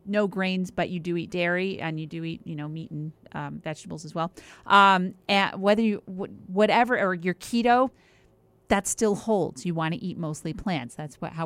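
A woman's voice: mid-range voice, no echo. A woman hosting an interview and working in nutrition practice, chatty and running on with asides. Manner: chatty, talks at length with asides. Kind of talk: casual interview talk.

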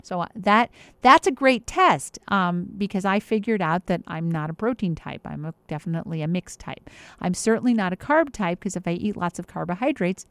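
A woman's voice: fairly low pitch, animated, brisk, no room sound. A woman giving casual health advice in an emphatic, chatty way, with many fillers and restarts.

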